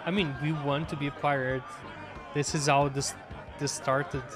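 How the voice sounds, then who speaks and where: A man's voice: fairly high pitch, little pitch movement, normal speed, a crowd in the background. Easygoing male co-streamer, game music. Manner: easygoing, laughing. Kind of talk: casual game commentary.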